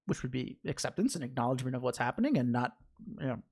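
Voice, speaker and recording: Low-voiced, chatty meditation teacher woman. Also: sing-song, quick pace, mellow. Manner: chatty, laughs often, acts out inner voices. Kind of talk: casual class teaching.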